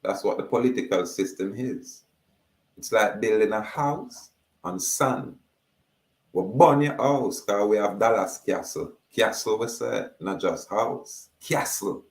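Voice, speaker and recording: Slow, echoey Jamaican man declaiming. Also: fairly low pitch, expressive. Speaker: speaker. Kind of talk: emphatic monologue.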